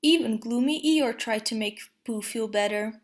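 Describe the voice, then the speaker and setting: A woman reading a storybook aloud in a calm, even voice. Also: a little high, measured pace. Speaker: storybook reader.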